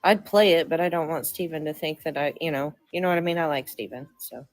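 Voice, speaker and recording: Low-voiced woman hosting a casual livestream. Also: fast, no room sound, rough recording. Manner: rambling, trails off with fillers. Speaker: livestream host. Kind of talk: casual panel chat.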